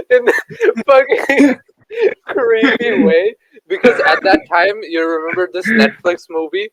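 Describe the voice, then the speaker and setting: A man's voice: a little high, dry recording, low-quality recording. A man hosting a casual podcast chat, jokey and crude, who laughs a lot. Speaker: podcast host.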